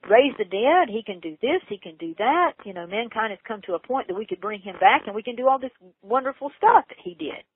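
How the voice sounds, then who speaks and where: A woman earnestly telling a personal story in an interview, her voice leaping high when she gets excited. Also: slightly rough, no room sound. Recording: tinny phone line, dry.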